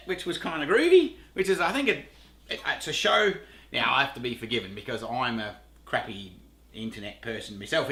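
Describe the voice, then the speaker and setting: A man's voice: on the high side, echoey room, background noise. A middle-aged Australian man hosting a home cooking show, chatting casually to camera, rambling, laughing at himself and swearing lightly.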